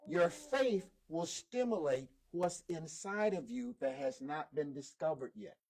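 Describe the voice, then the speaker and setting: A preacher who is also the lead instructor delivers a sermon in a notably high, slightly mellow voice, captured on a modest microphone. He is emphatic, repeating key lines to drive his points home and drawing call-and-response answers from his listeners.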